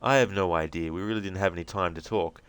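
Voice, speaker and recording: A man's voice: low voice, fast, a bit bright, clear, resonant tone, no echo. A man voicing a prickly, defensive small-town radio host who speaks in a stiff, resentful, formal way, reading a game transcript.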